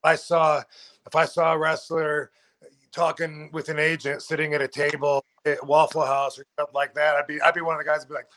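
A man's voice: a little high, completely flat delivery, fairly quick, a bit bright, a little hiss or hum. Rambling man in his fifties. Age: 50s. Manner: rambling, many fillers and restarts, swears. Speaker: guest. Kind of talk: casual podcast chat.

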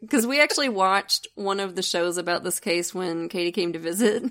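A woman's voice: lowish voice, fairly quick, a bit bright. A woman hosting a true crime podcast, telling the story in a chatty, wry way and laughing often. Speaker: podcast host.

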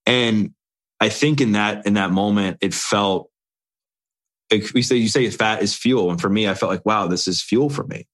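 A man's voice: fairly low pitch, moderate pace, a bit bright. A man in an interview, earnestly telling his own story in short, run-on phrases. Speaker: interview guest. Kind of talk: candid personal storytelling.

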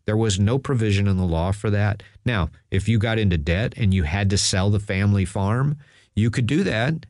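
A man with a very low, deep voice tells a Bible story on his radio show, chatting along in a folksy way and lightly voicing the characters' lines. The sound is dry and close, with no room around it. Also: dry recording. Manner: folksy retelling, acting out quoted dialogue lightly. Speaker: radio host and preacher.

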